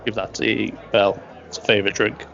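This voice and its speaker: Gravelly game master, halting. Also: male voice, lowish voice, steady tone, fairly bright tone. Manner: halting, with many fillers. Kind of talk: narrating a tabletop game. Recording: muffled lo-fi mic.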